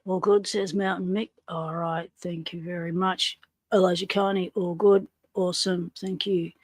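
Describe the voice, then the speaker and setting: A woman's voice: lowish voice, little pitch movement, moderate pace, no room sound. An Australian woman hosting a casual livestream, greeting viewers in the chat by name with friendly slang. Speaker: livestream host.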